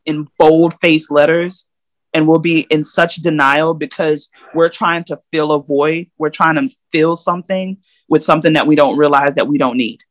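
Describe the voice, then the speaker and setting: A woman's voice: low voice, steady tone, moderate pace, dry recording. A woman guest in a casual interview, telling her own story in a candid, emphatic way. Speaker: podcast guest.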